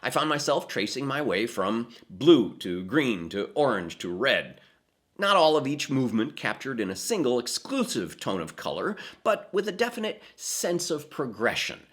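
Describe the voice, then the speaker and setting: A man giving scripted, explanatory narration as a theatre presenter, with a deliberate, emphatic storytelling cadence. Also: mid-range voice, big pitch swings, a bit bright.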